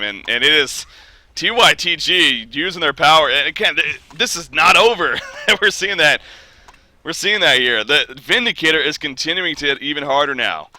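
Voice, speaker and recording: A young man casting an esports match, his voice worn hoarse from being under the weather, climbing into shouts when fights break out. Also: fairly high pitch, animated, moderate pace, dry recording. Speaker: esports caster. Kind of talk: play-by-play esports commentary.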